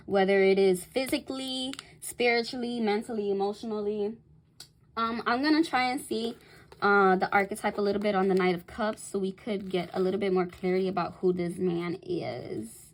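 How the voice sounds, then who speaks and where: A woman giving a casual tarot reading to camera. She chats loosely, swears freely, reads card meanings aloud and bursts into excited squeals. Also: medium pitch, slight background noise, low-quality recording. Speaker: tarot reader.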